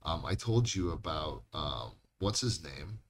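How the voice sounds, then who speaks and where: A man's voice: very deep voice, expressive, unhurried, slight background noise. A man co-hosting a podcast, telling rambling, profane stories in casual chat. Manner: rambling, swears a lot. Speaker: podcast co-host.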